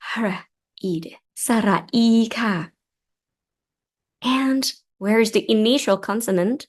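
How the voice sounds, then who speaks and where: A young native Thai speaker with a Thai accent and a somewhat high voice patiently teaches beginners to read Thai. Her lesson moves step by step, and she repeats each word slowly so learners can follow.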